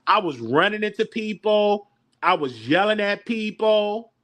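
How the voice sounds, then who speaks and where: A man's voice: high voice, lively intonation, a little slow, a bit bright. A man hosting a casual reaction chat, stammering and flustered as he mocks himself. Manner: stammering, flustered, self-mocking. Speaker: show host.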